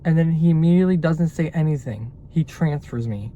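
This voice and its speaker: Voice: medium pitch, a little fast, lo-fi sound, slight background noise. A young adult delivery-driver vlogger ranting in a casual, exasperated, profane way. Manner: animated, exasperated, swears a lot. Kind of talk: casual vlog rant.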